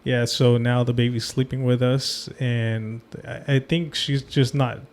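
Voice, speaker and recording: A man's voice: medium pitch, level tone, measured pace, a little mellow. Laid-back male podcast co-host. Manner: laid-back, asks questions, reads comments. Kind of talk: casual podcast chat.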